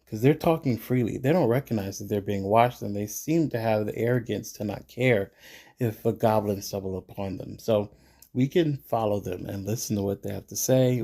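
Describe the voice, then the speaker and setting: A man reading an interactive fantasy gamebook aloud at a measured pace and thinking his choices through casually, recorded at home. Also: fairly low pitch, creaky, mellow. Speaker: gamebook narrator and player.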